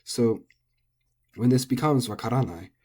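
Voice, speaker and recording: An English-speaking man with a medium-pitched, dark voice gives a casual recorded language lesson at a measured pace. As a language teacher, he thinks aloud, often saying "um" and correcting himself.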